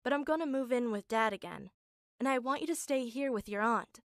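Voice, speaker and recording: A woman voicing a weary middle-aged mother who speaks softly and quietly in an animated story. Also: fairly high pitch, a little fast, no echo, clean studio sound, natural voice. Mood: tender.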